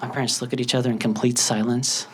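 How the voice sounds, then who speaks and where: A man in his thirties from Lebanon doing a stand-up comedy set, telling stories in an animated way and acting out the voices. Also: medium pitch, quick pace, crowd noise. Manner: animated storytelling with acted-out voices. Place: stage before a live audience.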